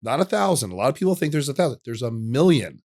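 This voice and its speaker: A man's voice: mid-range voice, sing-song, fast, a little mellow. Emphatic man explaining on a podcast. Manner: emphatic, explanatory, uses car analogies. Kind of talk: casual podcast conversation.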